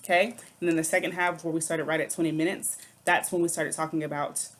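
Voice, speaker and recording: Low-voiced woman music teacher, counting rhythms. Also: steady tone, fast talker. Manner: patient, counts aloud and chants rhythm syllables. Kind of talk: recorded online music lesson.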